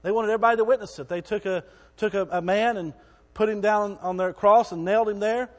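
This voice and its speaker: A man preaches with a high voice, his words trailing into the long reverb of a large church hall. He tells the story dramatically and shouts out the cries of the crowd. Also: steady tone, fast. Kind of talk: sermon.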